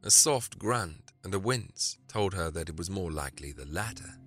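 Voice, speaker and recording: A male narrator reading a story with drama and expression. His deep voice has a gravelly texture and a bright edge, and his pitch moves a lot, with soft music behind him. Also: lively intonation, moderate pace. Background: faint music.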